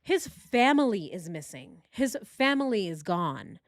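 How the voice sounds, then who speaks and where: A woman hosting a true crime channel, reading text messages aloud with indignant, sarcastic commentary into a boom-arm microphone. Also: big pitch swings, unhurried, no room sound, clean studio sound.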